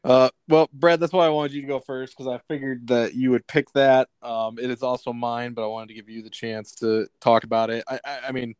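A man's voice: mid-range voice, level tone, brisk, few pauses, darkish tone, clear, resonant tone, no room sound. A man hosting a podcast in casual chat, steering the talk from topic to topic. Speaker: podcast host.

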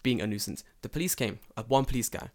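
A man with a mid-range voice talks fast in a casual podcast chat, based in Japan. He tells stories full of swearing and acts out the voices of the people he quotes.

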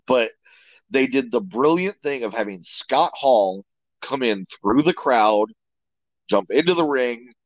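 A man of middle pitch talks wrestling in an opinionated, rambling way, stopping to restart his sentences. He is close to the mic and the sound is very dry. It comes across as an unscripted podcast chat. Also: animated, takes it slowly, no room sound, low-quality recording. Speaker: guest wrestling commentator. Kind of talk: casual podcast interview.

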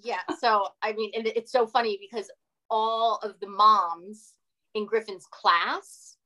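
A woman in her forties, a podcast guest telling animated stories and swearing freely. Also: medium pitch, slow pace, rough recording. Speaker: guest, former reality TV cast member. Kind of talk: casual podcast chat, storytelling.

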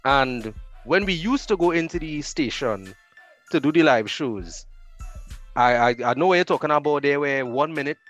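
A man with a Trinidadian accent, a radio host chatting as a podcast guest, telling animated stories. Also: on the high side, normal speed, soft background music. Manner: animated storyteller, laughs easily. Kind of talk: casual chat.

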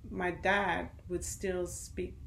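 A middle-aged woman from Suriname and the Netherlands, a podcast guest telling family stories in a rambling, animated conversational way. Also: on the low side, drawn-out words, vocal fry, slight background noise. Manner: rambling, animated storytelling with laughter. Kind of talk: casual conversation.

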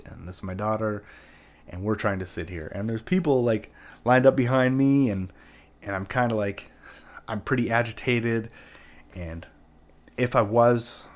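A man from Canada telling a personal anecdote in a casual, profane, rambling way, full of "like" and "right?". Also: lowish voice. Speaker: storyteller.

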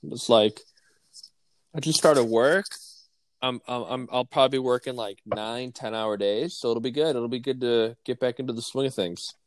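A man from the Midwest co-hosting a podcast in casual chat, relaxed and rambling with lots of "like". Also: mid-range voice, moderate pace, no room sound. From American Midwest. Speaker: podcast co-host.

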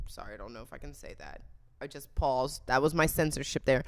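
A woman's voice: sits low, expressive, fairly quick. A young woman hosting a podcast, telling stories in a candid, chatty way and often laughing. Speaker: podcast host. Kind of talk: casual confessional storytelling.

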